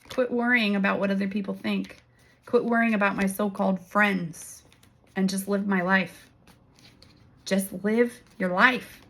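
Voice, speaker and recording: A woman hosting a casual tarot-reading vlog. She talks bluntly and swears, laughs often, and swings between loud bursts and hushed asides. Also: medium pitch. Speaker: tarot reader and channel host.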